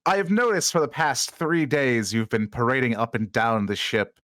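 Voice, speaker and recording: A man's voice: medium pitch, fairly bright tone, no echo, studio quality, close to an everyday voice. A man playing a pompous starship captain. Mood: stern. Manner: slow, stern, declaiming over ship intercom.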